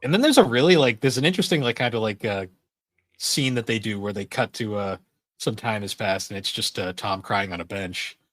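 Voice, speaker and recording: A man with a lowish voice co-hosts a podcast in loose, relaxed chat. He rambles through plenty of fillers and laughs often, and the recording sounds dry and close. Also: brisk, no echo. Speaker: podcast co-host. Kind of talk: casual chat.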